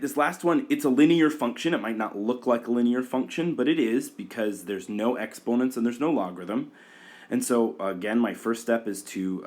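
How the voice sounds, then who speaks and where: A man's voice: fairly low pitch, darkish tone. A man walking through a whiteboard math tutorial, talking each step aloud with fillers and restarts. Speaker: math teacher.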